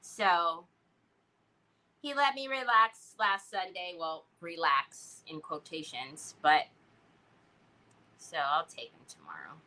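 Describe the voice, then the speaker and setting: A woman's voice: on the low side, expressive, slow pace, long pauses, bright, forceful tone. A middle-aged woman hosting a crafting livestream, chatting in a rambling, storytelling way as she works. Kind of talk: casual chat while crafting.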